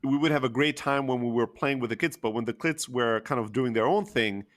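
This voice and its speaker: A man's voice: medium pitch, brisk. Man, open and emotional, casual storyteller with fillers. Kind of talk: candid personal storytelling.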